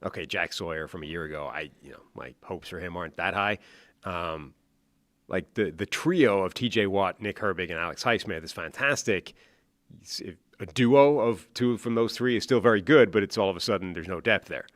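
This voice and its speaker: A man with a deep, low voice co-hosts a casual sports podcast, recorded dry and close in a studio. He talks things through loosely, circling back with restarts and fillers as he works out his point. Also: normal speed, dry recording. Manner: thinks aloud with restarts and fillers. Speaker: podcast co-host.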